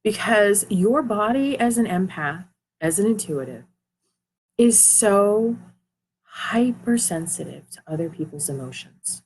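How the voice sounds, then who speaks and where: A woman's voice: lowish voice, a little hiss or hum, rough recording. A woman life coach giving an earnest motivational talk, repeating her phrases for emphasis.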